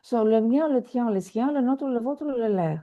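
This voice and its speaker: A woman's voice: fairly high pitch, lively intonation, moderate pace, highs cut off. A woman teaching a French lesson over a video call, patient and repetitive, with many fillers. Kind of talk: online language lesson.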